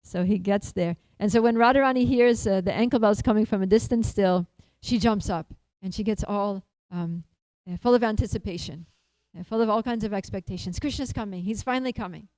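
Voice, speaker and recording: A woman telling a devotional story in an animated way, laughing often and using many fillers. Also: mid-range voice, brisk, hardly any pauses, dry recording, low-quality recording. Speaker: storyteller at a temple.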